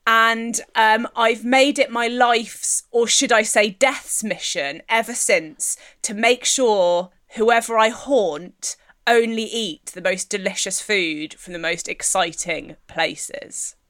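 A woman voicing a 1920s socialite ghost who was a chef and restaurant critic, speaking in a slow, poised, salesy way. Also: on the high side, fairly bright tone.

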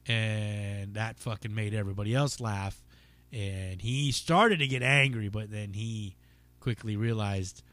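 A man's voice: fairly low pitch, measured pace, a bit bright, no echo. A man hosting his own podcast, telling a stand-up story in casual, rambling talk full of swearing and fillers. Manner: rambling, profane, lots of fillers. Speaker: podcast host and stand-up comic.

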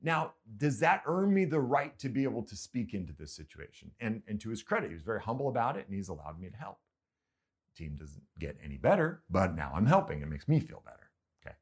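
Animated conversational male preacher. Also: fairly low pitch, brisk. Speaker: pastor. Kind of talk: sermon.

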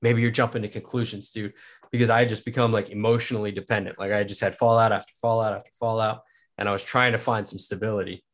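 Young male podcast guest with a lowish voice; rambling, casual, profane storyteller. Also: level tone, quick pace. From Kansas. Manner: rambling, heavy use of filler words and swearing.

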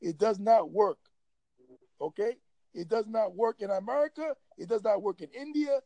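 Man with a very high, gravelly voice giving a heated, profane rant in a dry, close sound. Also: moderate pace, warm tone, dry recording, low-quality recording. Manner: heated, profane, emphatic ranting. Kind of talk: casual opinionated chat.

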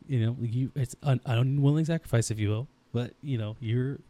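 A man's voice: medium pitch, a little fast, dark tone. A man in his thirties co-hosting a casual podcast, talking intensely about his daughters with frequent restarts. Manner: rambling, intense, restarts often. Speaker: podcast co-host.

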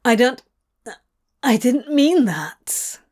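A woman's voice: fairly high pitch, sing-song, very slow, darkish tone, full character voice. A woman voicing a brooding male demon with a sardonic, sneering way of talking. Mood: rattled.

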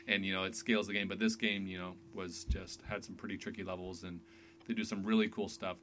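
Excitable male podcast host, low-pitched, casual, light hum on the track. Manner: chatty, excitable, many fillers. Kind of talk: casual chat about video games.

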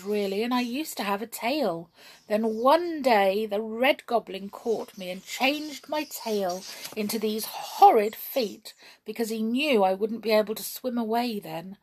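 A woman voicing a sad, frightened little mermaid girl who speaks in high, tearful exclamations. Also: low-quality recording.

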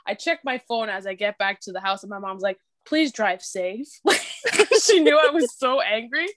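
A young woman from Canada in casual podcast chat, telling an animated story, cursing freely and laughing as she goes. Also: medium pitch, normal speed, noisy background.

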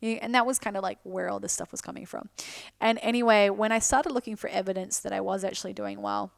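A woman hosts her own podcast alone, talking casually and frankly with plenty of swearing and self-mocking asides. Her mid-pitched voice carries a gravelly fry, and the recording is dry and close. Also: expressive, fast, dry recording. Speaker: podcast host. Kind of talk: casual solo podcast talk.

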